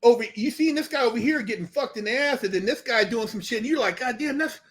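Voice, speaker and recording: A man talking as a podcast guest, telling animated, profane stories and acting out what others said. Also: very high voice, fast. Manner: animated storytelling, profane, acts out quoted dialogue. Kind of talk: casual podcast conversation.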